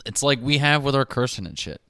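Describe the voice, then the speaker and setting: A man's voice: medium pitch, animated, brisk, pushed and bright, clear, resonant tone, no room sound, studio quality. A man, co-hosting a casual podcast, laughing and swearing as he reads out parenting tips. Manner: crude, laughing, reads text aloud. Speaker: podcast co-host.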